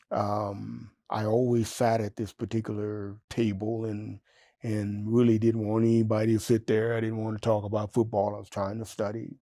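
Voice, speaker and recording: Gravelly older man telling a story. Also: dry recording. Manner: animated storyteller, jumps high in pitch when quoting himself. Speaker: interview guest. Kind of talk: storytelling in a casual interview.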